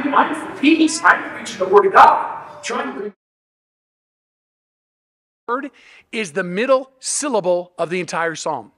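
A man's voice: high voice, bright, forceful tone, in a large hall, slight background noise. A male pastor preaching a sermon in an earnest teaching manner, often checking in with "okay?" and "right?".

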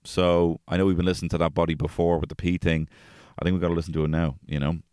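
A man hosting a podcast, telling casual stories about his family, swearing freely and jumping into high-pitched voices when quoting people. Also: fast talker, clean tone, no room sound, studio quality. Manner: swears freely, animated, acts out quotes in a high voice. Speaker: podcast host. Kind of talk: casual storytelling chat.

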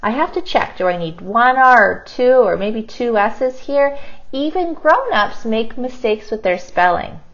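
Slow woman teacher sounding out words. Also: fairly high pitch, animated, a bit bright, lo-fi sound. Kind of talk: kindergarten writing lesson, thinking aloud.

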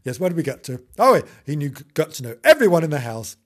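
Man, comic children's book reading, cheeky asides, husky, very animated pitch. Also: quick pace. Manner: mock-sweet, cheeky asides, giggly. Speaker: comic storyteller.

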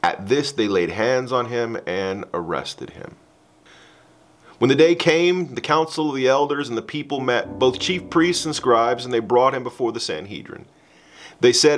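A male pastor reading a Passion scripture in a slow, measured, solemn way. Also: medium pitch, lively intonation, soft background music.

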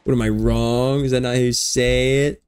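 A man chats casually while streaming a game. He jokes a lot and plays at being stubborn, answering teammates and viewers in a mid-pitched, ordinary voice. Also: level tone, normal speed, darkish tone, smooth. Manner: joking, playfully defiant. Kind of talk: casual gameplay chat.

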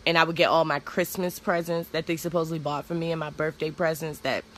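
A woman's voice: low-pitched, level tone, fast talker, a bit bright, slight background noise. A young woman telling a personal story on her vlog in a blunt, candid, profane way. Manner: blunt, candid, profane, speeds up when worked up. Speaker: vlogger.

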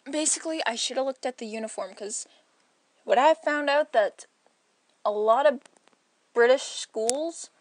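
A woman's voice: a little high, a bit bright, no room sound. A woman giving rambling, playful commentary while playing through a story game and reading its lines aloud. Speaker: let's player. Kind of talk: casual gameplay commentary.

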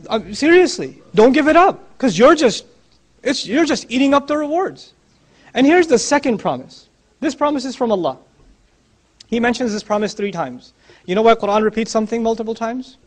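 A man giving a passionate religious lecture, repeating key phrases for emphasis and quoting Arabic scripture. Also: high voice. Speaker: preacher.

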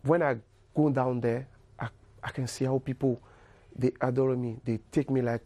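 Soft-spoken man with gravelly voice. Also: mid-range voice, steady tone, no room sound. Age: 30s. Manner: halting, repeats words, many "you know". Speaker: guest footballer. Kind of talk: casual interview chat.

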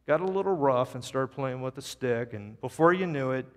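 With lively intonation and a mid-range voice at a moderate pace, a male pastor tells an earnest story and leads an altar call in a church sanctuary. He turns soft at the invitation, and the recording carries long reverb and faint music.

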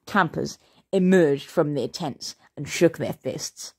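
A woman reading a children's story aloud as a storyteller, expressive and playful. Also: sits low, takes it slowly.

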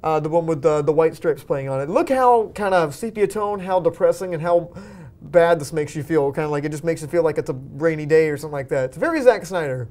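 Young male co-host, high voice, rambling casual chat full of "uh" and "like". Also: animated, fast talker, darkish tone. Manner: rambling, filler-heavy. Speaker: podcast co-host.

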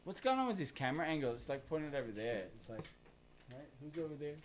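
An Australian man rambles through loose studio banter with a lively, up-and-down voice pitched a bit high. He jokes, swears and riffs off whatever is in front of him. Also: fast talker. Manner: rambling, jokey, swears freely. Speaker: host. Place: recording studio.

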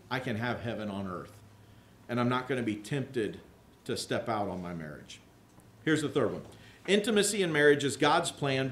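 A man's voice: medium pitch, roomy sound. A man preaching a conversational sermon, telling candid, self-mocking stories and acting out the voices of people in them. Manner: candid, self-mocking storyteller who acts out quoted voices. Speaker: pastor. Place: large rented hall used for church services.

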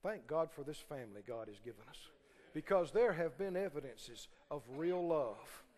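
A man preaching a sermon to a congregation, animated and full of call-and-response questions. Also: fairly high pitch, normal speed, big-room sound. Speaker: pastor. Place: church sanctuary.

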